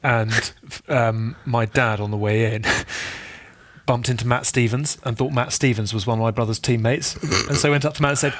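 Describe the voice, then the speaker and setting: A man's voice: mid-range voice, fairly even intonation, normal speed, a bit bright. A man hosting a podcast game, wry and teasing as he runs the segment. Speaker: podcast host and presenter. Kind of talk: hosting a panel game with banter.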